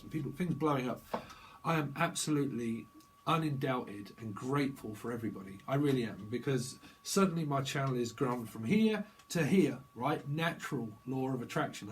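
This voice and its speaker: Man, middle-aged, tarot reader, rambling, chatty and associative, ordinary pitch. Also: a little hiss or hum, low-quality recording. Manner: rambling, free-associating, drifts into playful voices. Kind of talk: casual tarot reading monologue.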